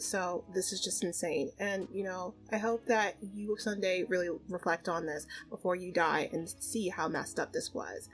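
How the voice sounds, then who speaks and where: A woman's voice: mid-range voice, natural voice, poor audio. A woman voicing a protective, scheming mother who issues blunt threats in a life-sim story. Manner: threatening, bossy.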